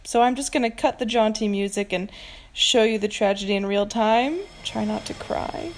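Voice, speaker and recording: A woman's voice: mid-range voice, steady tone, fairly quick. An American woman narrating her cooking video in a casual voiceover, joking at her own mistakes. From United States. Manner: self-mocking, joking. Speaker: cooking vlogger. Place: home kitchen, recorded voiceover.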